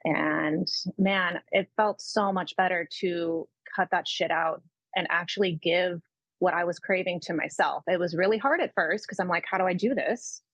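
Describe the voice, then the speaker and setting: A woman's voice: on the low side, steady tone, normal speed, a bit bright, dry recording, rough recording. A woman co-hosting a podcast, telling frank personal stories in a casual, upbeat, sweary way. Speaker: podcast co-host.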